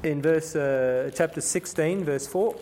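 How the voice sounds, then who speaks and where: A man preaching through a Bible passage, stumbling and restarting as he explains, then reading scripture slowly and with emphasis. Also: on the high side, a little mellow, slight background noise. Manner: conversational, with frequent restarts and repetitions. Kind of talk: sermon, Bible exposition.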